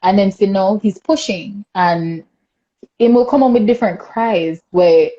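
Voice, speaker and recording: Laughing often as she reads viewer comments, this animated, chatty podcast host is a young Jamaican-accented woman running a casual talk show. Her medium-pitched voice moves at a normal speed, and the recording is muffled.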